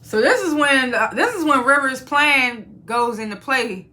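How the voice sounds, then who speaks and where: A woman's voice: high-pitched, expressive, measured pace, bright, forceful tone. A woman hosting her own review channel, recapping a TV episode in a casual, profane way and acting out the characters' lines as she goes.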